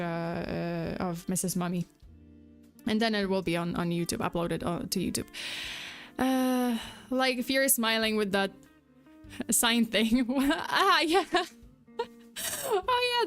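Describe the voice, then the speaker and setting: A woman streaming as a VTuber, chatting casually with her viewers in a rambling way with many restarts. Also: medium pitch. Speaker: VTuber true crime streamer. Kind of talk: casual livestream chat.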